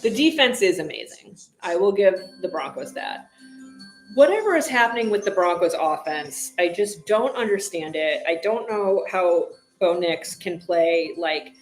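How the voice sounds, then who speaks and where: A woman's voice: fairly low pitch, measured pace, roomy sound, faint music behind, low-quality recording. A woman in her forties hosting a casual livestream from home, reacting bluntly and sarcastically as she chats. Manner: lively, blunt and sarcastic, talks back to the game. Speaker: livestream host. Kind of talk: casual live reaction chat.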